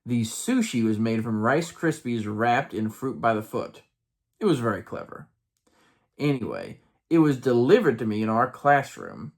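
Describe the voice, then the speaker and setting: A man in his late thirties reading aloud from a personal journal, with wry, amused asides and playful lifts in his voice. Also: on the low side.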